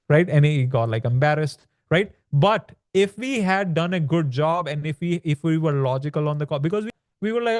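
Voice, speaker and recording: A man explaining business principles as a podcast guest, with a slightly raised pitch for his sex. He talks conversationally, stumbling and restarting often. The sound is dry and close, with no room around it. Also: animated, a little fast, dry recording. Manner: conversational, many fillers and restarts. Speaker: entrepreneur guest. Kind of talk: casual interview explanation.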